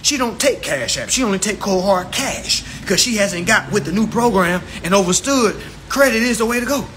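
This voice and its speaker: A man's voice: high-pitched, lively intonation, normal speed, fairly bright tone, slight background noise. A man teaching viewers about credit in an informal, preachy lecture, swearing a lot for emphasis and repeating his points. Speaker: self-styled credit instructor.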